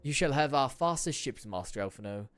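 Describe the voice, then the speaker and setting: A man's voice: medium pitch, animated, fairly quick, fairly bright tone, soft background music, close to an everyday voice. A man voicing a stately noble lord. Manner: formal, stately, courteous. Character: dignified older male nobleman lord.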